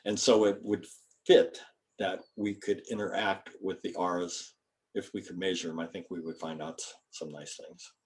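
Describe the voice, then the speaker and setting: A man's voice: low voice, little pitch movement, moderate pace. An older man, a chiropractor, giving an informal lecture to students in a folksy, rambling way and spelling out terms. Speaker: guest speaker, chiropractor.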